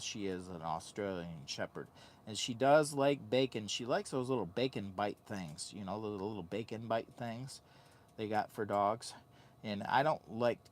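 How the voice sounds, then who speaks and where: A man hosting a casual camping vlog from inside a heated tent. He talks in a goofy, rambling, hyped-up way into a phone camera. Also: fairly low pitch. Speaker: vlogger host.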